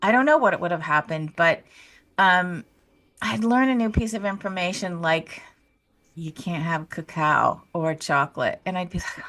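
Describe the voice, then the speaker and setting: A woman co-hosting a podcast, telling personal stories in a casual chat and laughing often. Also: moderate pace. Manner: animated, jumps up high when excited. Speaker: podcast co-host. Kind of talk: casual conversation.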